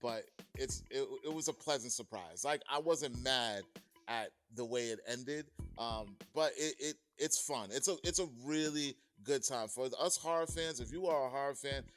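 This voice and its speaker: A man's voice: medium pitch, normal speed, faint music behind. Chatty man reviewing a movie. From Massachusetts. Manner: chatty, loose, many fillers and restarts; enthusiastic. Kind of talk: casual video review.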